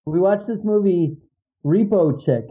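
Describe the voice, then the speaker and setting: A man talks in a rambling, eager way on a thin, tinny line. His voice sits a bit high for a man, and he keeps piling on filler words as he goes. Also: a little slow. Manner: rambling, enthusiastic. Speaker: podcast guest, filmmaker. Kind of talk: casual chat.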